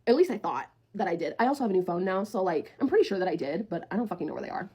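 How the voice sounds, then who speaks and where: A woman's voice: fairly low pitch, expressive, very fast, dark tone, slightly rough. A woman in her twenties telling a storytime to viewers in a casual, blunt way, swearing freely and talking like a friend.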